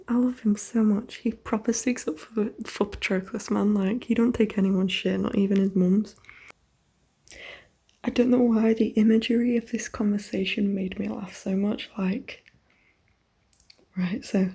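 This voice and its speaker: Young woman, husky and gravelly, dark mellow voice, casual whispery book-vlog chatter. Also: mid-range voice, steady tone, unhurried. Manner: chatty, swears casually, often drops to a whisper. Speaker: book vlogger. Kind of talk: casual reading vlog recap.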